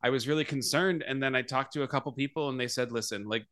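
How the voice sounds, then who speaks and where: Male podcast host, bright tense tone, chatty and self-mocking. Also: medium pitch, quick pace. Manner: chatty, laughs often, self-deprecating. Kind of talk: casual podcast chat.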